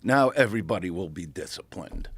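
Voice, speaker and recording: A man telling a profane, animated comedy story in casual conversation. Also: low voice, brisk, breathy edge, no echo. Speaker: comedian guest.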